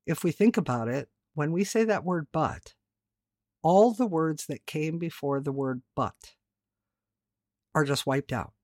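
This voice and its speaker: A woman's voice: deep voice, unhurried, long pauses, a little mellow, no room sound, clean studio sound. A woman hosting a self-help podcast, talking candidly and emphatically, with offhand swearing. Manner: emphatic, repeats words for stress. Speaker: podcast host.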